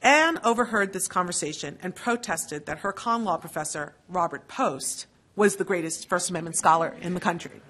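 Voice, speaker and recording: Middle-aged woman, law dean, lower voice, earnest and wry lecture introduction. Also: animated, moderate pace, fairly bright tone. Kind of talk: formal lecture introduction with personal anecdotes. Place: lecture hall.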